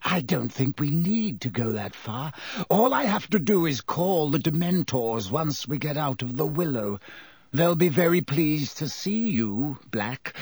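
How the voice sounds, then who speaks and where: A man voicing a cold, vengeful male schoolteacher with a silky, contemptuous, slow menace. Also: fairly high pitch, darkish tone, husky, no echo, studio quality, exaggerated voice. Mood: silky cruel.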